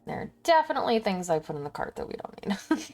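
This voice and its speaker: Chatty woman with a gravelly edge. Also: mid-range voice, very animated, fast, darkish tone, faint music behind. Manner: chatty, talks to herself while online shopping, laughs often. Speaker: streamer. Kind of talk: casual stream chat.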